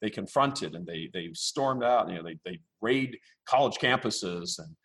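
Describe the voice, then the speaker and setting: A man speaking as a podcast guest, blunt and forceful, repeating himself as he rambles. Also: lowish voice, animated, moderate pace, slightly rough. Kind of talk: casual interview.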